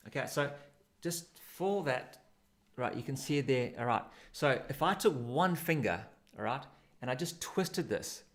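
A man with a South African accent talks through surf technique in a casual, animated way. He demonstrates as he explains, and his voice sits at an ordinary middle pitch. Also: measured pace. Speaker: surf coach. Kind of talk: casual instructional chat.

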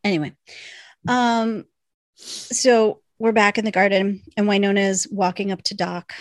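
A woman in her thirties, a podcast co-host, recapping a TV episode in casual, animated chat. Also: medium pitch, unhurried, dry recording, clean studio sound. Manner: animated storytelling, acts out quotes with laughs.

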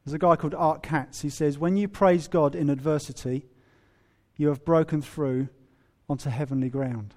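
A man preaching a sermon in a humorous, animated way, acting out quoted voices. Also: a little high, normal speed. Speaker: pastor.

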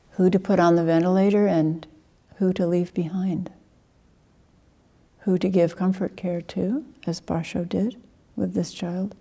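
A woman teacher giving a dharma talk with a fairly low, mellow voice. She speaks gently and earnestly, at a measured pace, leaning on words for emphasis. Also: gravelly. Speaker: Buddhist teacher.

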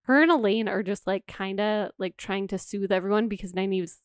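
A woman co-hosting a casual book-club podcast, recapping the chapters in an animated way. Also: medium pitch, fairly quick, clean tone, dry recording, studio quality. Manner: animated retelling with acted quotes. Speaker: podcast co-host.

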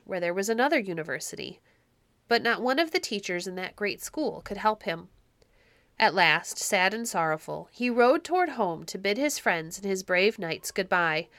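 A woman reads a classic tale aloud in clear, measured storytelling. Her voice is bright and forceful, and the recording is dry and close-miked. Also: mid-range voice, animated, no echo. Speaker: audiobook narrator. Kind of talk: storybook narration.

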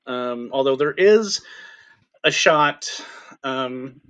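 A man co-hosting a film podcast in a relaxed, thoughtful way, pausing on ums and restarting his sentences. His voice is bright and forward, set at an ordinary middle pitch. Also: smooth, dull audio. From Irish extraction. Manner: thoughtful, hesitant, many fillers. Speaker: podcast co-host. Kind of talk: casual film discussion.

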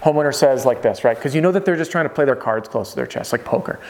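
A man coaching salespeople in an energetic, conversational way, often checking in with his listeners. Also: medium pitch, quick pace. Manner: energetic, conversational, peppered with "right?" check-ins. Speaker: roofing sales trainer. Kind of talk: motivational sales coaching monologue.

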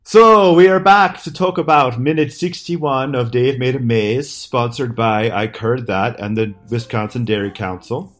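A man's voice: medium pitch, unhurried, hardly any pauses. Stammering jokey man co-host. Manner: rambling, stammering restarts, jokey. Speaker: podcast co-host. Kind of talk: casual comedic chat.

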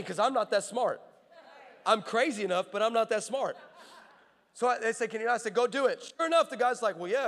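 Impassioned preacher man in a reverberant hall. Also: high voice. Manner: builds to impassioned shouting, rhythmic repetition. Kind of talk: sermon.

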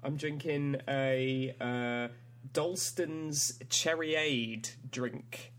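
A man's voice: mid-range voice, fairly even intonation, drawn-out words, a bit bright. A man co-hosting a podcast in casual banter, laid-back and hesitant, laughing often. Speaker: podcast co-host.

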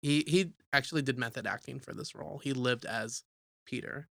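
A young adult podcast co-host recapping a horror movie in casual, profane, jokey talk, acting out the characters in quick asides. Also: medium pitch, gravelly, no room sound, clean studio sound. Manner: animated, profane, jokey storytelling.

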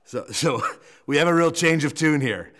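A male pastor preaching a sermon, animated and joking as he retells a scripture story, with frequent restarts. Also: on the high side, normal speed.

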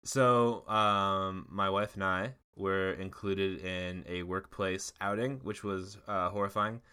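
Bright-voiced man rambling through a story. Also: sits low, steady tone, slow pace, clean tone. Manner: rambling storytelling with frequent fillers and laughs. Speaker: podcast co-host. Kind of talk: casual chat.

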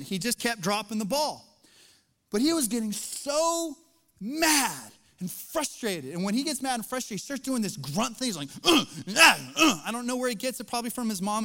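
A man's voice: high-pitched, a bit bright. A middle-aged man preaching a sermon as pastor, conversational and joking, then building to emphatic points, recorded in a church sanctuary. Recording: long reverb of a large church hall.

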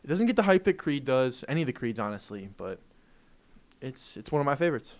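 Young male podcast co-host, playful, laughs a lot, average pitch. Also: brisk. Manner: animated, laughs often, playful. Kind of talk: casual chat.

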